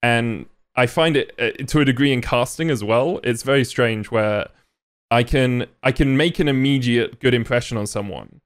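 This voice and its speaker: A man's voice: mid-range voice, normal speed. An English-accented man in a casual podcast chat. His voice sits in a middle register, and he reasons aloud thoughtfully, often checking in with "right?". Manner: thoughtful, explains at length with many "like" and "right?". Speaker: esports caster, podcast guest.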